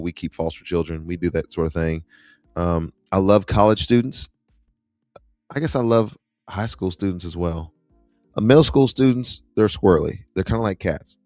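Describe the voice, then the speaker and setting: Deep-voiced middle-aged man hosting. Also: a little mellow, no echo. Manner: chatty, wry asides, reacts to clips. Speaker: host. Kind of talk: casual livestream commentary.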